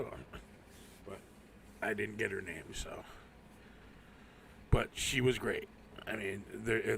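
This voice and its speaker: Man, live stream rant, very gravelly voice, laughs a lot, swears constantly. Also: medium pitch, fairly bright tone, a little hiss or hum. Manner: profane, rambling, laughs often. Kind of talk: casual ranting monologue.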